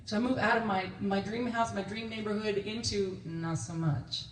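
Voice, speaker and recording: A woman's voice: mid-range voice, steady tone, normal speed, slight background noise. A woman minister giving a conversational sermon, telling stories with laughs and quoted voices. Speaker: guest minister. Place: church sanctuary. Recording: echoey church from a distance.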